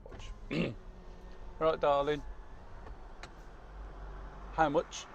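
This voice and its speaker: A man's voice: on the high side, little pitch movement, extremely slow, creaky, muffled recording, slight background noise. A middle-aged man, giving wry, teasing commentary to camera from inside a car. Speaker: vlogger.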